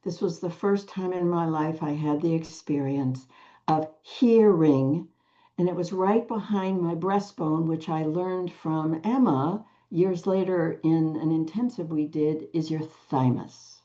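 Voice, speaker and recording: Slow, low-voiced older woman storyteller. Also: muffled recording. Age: 60s or older. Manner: slow, hushed, with dramatic pauses and whispered phrases. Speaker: spiritual teacher. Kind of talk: storytelling talk to a group.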